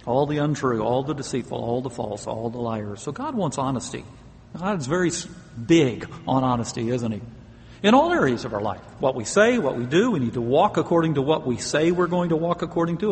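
A man's voice: medium pitch, lively intonation, moderate pace, a little mellow, big-room sound. A man preaching a sermon, earnest and emphatic, stressing key words and now and then laughing.

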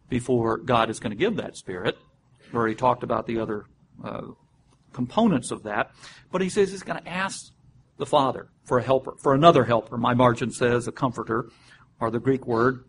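A man leading a conversational Bible study. He explains step by step, spells words out letter by letter, and often pauses with "uh" and restarts. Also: mid-range voice, animated, a little hiss or hum. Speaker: Bible teacher.

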